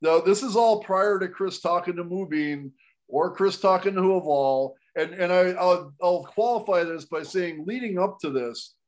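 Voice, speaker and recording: A man telling a long story on a podcast, animated, with quick restarts and laughs along the way. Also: high voice. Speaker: guest storyteller.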